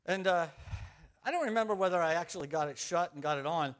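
Male pastor, slightly high pitch, loose conversational sermon with stumbling restarts. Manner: halting, many restarts and fillers, lively storytelling. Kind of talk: sermon with prayer and anecdotes.

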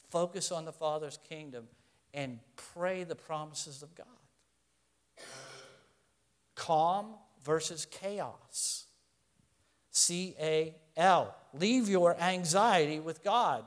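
A middle-aged man preaching a sermon in an earnest, conversational way, asking the congregation questions. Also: fairly high pitch. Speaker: pastor.

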